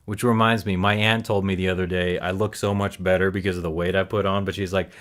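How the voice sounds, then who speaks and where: A man's voice: low voice, level tone, fast talker, a bit bright. A man in his forties musing aloud in a casual recovery vlog, rambling and correcting himself as he reflects. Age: 40s. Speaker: recovery vlogger.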